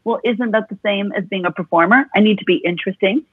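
Husky woman coach on a tinny line. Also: medium pitch, quick pace, no room sound. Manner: emphatic, repeats points for stress. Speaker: vocal coach guest. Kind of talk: podcast interview talk.

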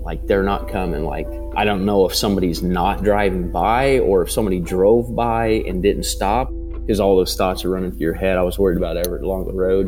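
A man in his thirties, a father, recounting a frightening rescue in a halting way, with many fillers and restarts. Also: sits low, darkish tone. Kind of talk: interview testimony.

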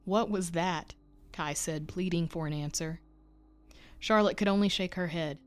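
Woman narrator for a horror audio story, slightly low voice, steady suspenseful telling. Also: normal speed, smooth. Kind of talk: scripted narration.

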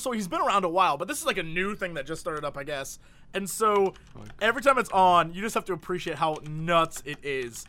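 A man co-hosting a casual comedy chat, telling an animated story. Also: high-pitched. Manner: animated, storytelling with bursts of laughter. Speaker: podcast co-host.

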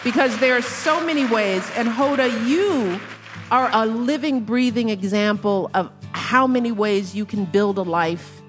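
A woman's voice: on the high side, unhurried, long reverb tail, music in the background. A woman in her fifties, a guest author in an on-stage interview, speaking earnestly and reflectively, sometimes mimicking the questions people ask. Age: 50s. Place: stage before a live audience.

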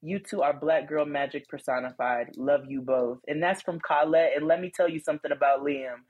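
A woman co-hosting a casual podcast, reading listener letters aloud with lively asides and laughter. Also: low-pitched, a little fast, slightly rough, phone-quality sound. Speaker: podcast co-host.

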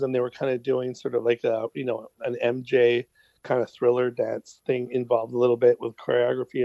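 A middle-aged musician telling stories in a casual interview, rambling with lots of fillers and casual swearing. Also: male voice, medium pitch, warm tone, dry recording. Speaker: musician guest. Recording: dull lo-fi sound.

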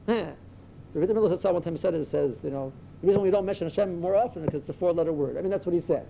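Man, rabbi's talk, high lively voice, Yiddish and Hebrew words, dull lo-fi recording, faint rumble. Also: rapid-fire, gravelly. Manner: storytelling, full of Yiddish and Hebrew words, rising to excited emphasis. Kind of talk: Torah talk.

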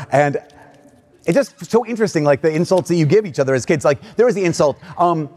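Man preaching a homily. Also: fairly high pitch. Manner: reads scripture slowly, then talks casually with fillers and laughs. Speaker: priest. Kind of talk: gospel reading and homily. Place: church.

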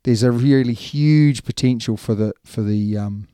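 A man's voice: medium pitch, a little slow, mellow, clean tone, no room sound, studio quality. A man with a New Zealand accent, co-hosting a podcast in casual chat, rambling and laughing easily. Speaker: podcast co-host.

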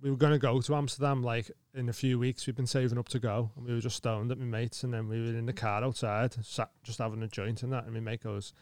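An English man, a podcast host, chatting casually and quickly trading reactions. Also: mid-range voice, flat delivery, darkish tone, no room sound. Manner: chatty, quick back-and-forth. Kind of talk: casual chat.

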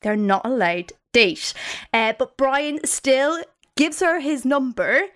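A woman's voice: high voice, slow, fairly bright tone, clear, resonant tone. A woman co-hosting a podcast, telling a story in a playful, dramatic way. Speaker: podcast co-host. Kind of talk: casual storytelling chat.

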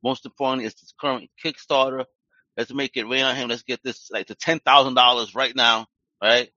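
A man hosts a podcast with a forceful, bright voice, hyped up and slangy, cursing casually as he talks up his guest. The sound is dry and close, with dull, muffled lo-fi quality. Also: medium pitch, little pitch movement, fairly quick, no echo. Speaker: podcast host. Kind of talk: casual interview chat.

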